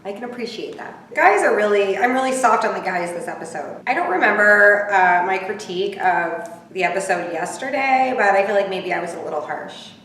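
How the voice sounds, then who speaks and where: A woman's voice: mid-range voice, lively intonation, a little fast, few pauses, a bit bright, a little hiss or hum. Snarky woman recapping in an echoey room. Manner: snarky, gossipy, chatty. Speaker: reality TV recapper. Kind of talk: casual live recap commentary. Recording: echoey room, distant from mic.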